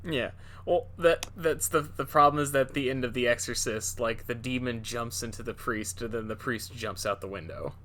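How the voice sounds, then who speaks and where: A man chatting on a casual podcast, his voice bright and forward. He rambles, restarting sentences and padding them with fillers. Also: medium pitch, normal speed, hardly any pauses. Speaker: podcast co-host. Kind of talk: casual chat.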